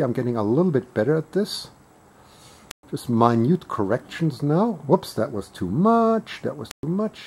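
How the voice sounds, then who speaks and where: A man's voice: medium pitch, a little mellow, a little hiss or hum. A man with a German-tinged accent hosting a live stream, chatting enthusiastically and reading out viewer comments. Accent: German-tinged English. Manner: enthusiastic, chatty, exclaims often. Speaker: livestream host and photographer. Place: home, then outdoors at night.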